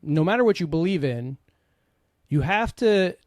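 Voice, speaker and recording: Earnest middle-aged man, higher-pitched. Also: animated, a little slow, a little mellow, no echo, studio quality. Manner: earnest, conversational, with frequent asides. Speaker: podcast host and coach. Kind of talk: candid personal storytelling.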